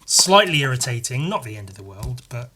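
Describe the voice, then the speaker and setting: A man's voice: mid-range voice, sing-song, fairly quick, bright, forceful tone, a little hiss or hum. A man hosting a podcast, rambling casually and sweary as he counts cards and envelopes aloud. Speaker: podcast host. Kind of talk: casual behind-the-scenes monologue.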